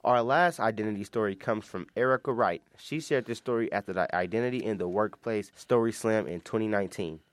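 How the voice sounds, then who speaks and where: Teen male host, low voice, earnest scripted reads. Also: brisk, hardly any pauses. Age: teens. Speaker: radio host. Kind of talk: scripted hosting.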